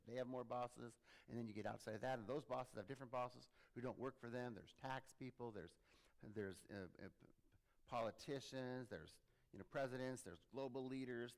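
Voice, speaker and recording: A male pastor preaching a sermon, animated, acting out quoted voices with sudden loud, high bursts. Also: vocal fry.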